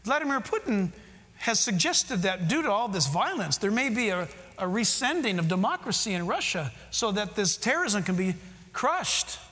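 A man's voice: high voice, big pitch swings, moderate pace, sharp tone, big-room sound. A male pastor preaching an emphatic sermon, putting direct questions to his congregation.

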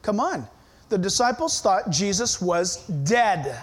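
A man with a strikingly high voice preaches a sermon. He presses each point hard and keeps throwing pointed questions at his congregation. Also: very animated, takes it slowly. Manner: emphatic, fires rhetorical questions at listeners. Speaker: pastor.

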